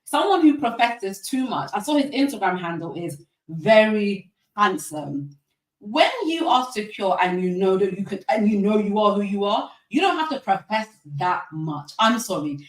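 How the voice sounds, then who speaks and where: A woman's voice: medium pitch, very animated, moderate pace. A woman on a discussion panel, giving her opinion emphatically and repeating her points. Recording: echoey and distant from the mic.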